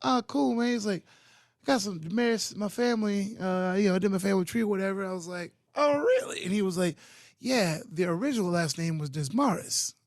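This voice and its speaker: A man co-hosting a podcast, telling a story quietly and casually. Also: high-pitched, fairly quick, dry recording, studio quality. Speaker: podcast co-host.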